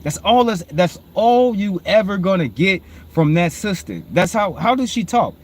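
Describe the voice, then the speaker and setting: A man, hosting and preaching informally on proverbs, repeatedly calling listeners "family", swinging between low murmured reading and loud emphatic preaching. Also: big pitch swings, moderate pace. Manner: repetitive, calls listeners "family". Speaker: host.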